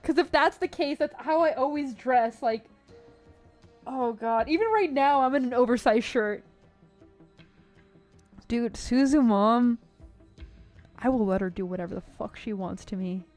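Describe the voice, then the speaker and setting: A woman streamer in casual livestream chat, her voice sitting high. She talks loosely and chattily, full of "like" and "dude". Faint music plays quietly behind her. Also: unhurried, long pauses. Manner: chatty, laughing, lots of "like" and "dude". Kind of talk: casual livestream chat while reading a game story.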